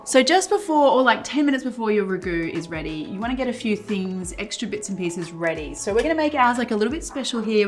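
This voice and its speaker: A woman talks through a recipe at the stove, relaxed and chatty, with plenty of ums and likes. Her voice sits at an ordinary middle pitch, with a pan sizzling and soft music playing under her. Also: fast talker, hardly any pauses. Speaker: cooking show host. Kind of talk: casual cooking demonstration. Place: home kitchen.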